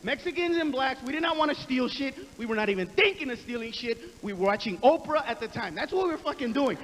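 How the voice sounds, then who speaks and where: A man doing stand-up, brash and profane, riffing fast on stage. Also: very high-pitched, expressive, a bit bright. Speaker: stand-up comedian. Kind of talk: stand-up comedy routine. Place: live comedy stage. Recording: noisy live comedy recording.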